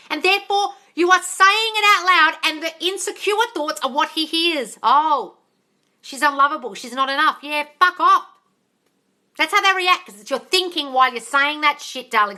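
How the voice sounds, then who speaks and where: Bright, blunt sweary woman coach. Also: extremely high pitch. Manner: blunt and sweary, calls viewers darling. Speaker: manifesting coach hosting a live Q&A. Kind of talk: casual live-stream chat reading comments.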